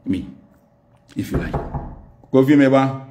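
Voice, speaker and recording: A man's voice: medium pitch, unhurried, background noise. A man with a Ghanaian accent in a loose, unscripted TV interview. His delivery is emphatic and defiant. He slips back and forth between English and Twi while making his points. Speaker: political guest.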